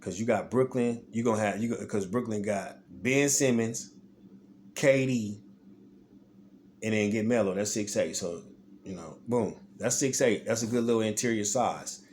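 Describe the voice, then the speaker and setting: A man's voice: on the low side, moderate pace, a little mellow, a little hiss or hum. A man vlogging his casual sports opinions, rambling and repeating himself as he talks straight to viewers.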